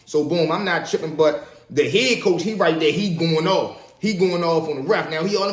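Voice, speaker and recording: A man telling stories from his own life in a casual, animated way, acting out the voices of the people in them. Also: a little high, fairly quick, roomy sound. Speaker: storyteller. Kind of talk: casual spoken storytelling.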